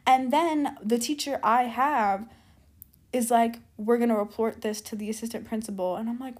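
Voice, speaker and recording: Slightly high and a little mellow, this woman's voice holds a steady tone at normal speed. In her storytime vlog she rambles along casually, leaning on "like" and "keep in mind," and stops to go back when the thread slips away.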